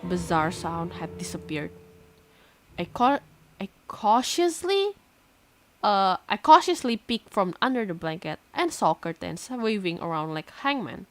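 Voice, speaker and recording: A woman's voice: lowish voice, very animated, measured pace, no room sound. A woman streamer reading a horror visual novel aloud, breaking off into jumpy, frightened exclamations. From Indonesia. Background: game music.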